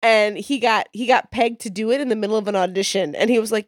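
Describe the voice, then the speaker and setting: A woman hosting a podcast in casual chat, telling stories in an animated, profane way with lots of laughter. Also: mid-range voice, quick pace, dry recording, studio quality. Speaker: podcast host.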